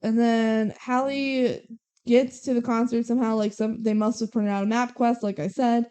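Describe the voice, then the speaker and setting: A young woman with a mellow, warm-toned voice recapping a film for a podcast. She talks in a loose, chatty way, throwing in sarcastic asides as she goes. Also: on the high side, flat delivery, normal speed, smooth. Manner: chatty, sarcastic, quotes characters in passing. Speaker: podcast co-host. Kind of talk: casual movie recap chat.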